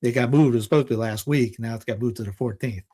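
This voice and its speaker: A man from Toronto hosting a casual political commentary show, rambling and excitable, often restarting and laughing. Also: medium pitch, quick pace, husky. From Toronto, Canada. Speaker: podcast host.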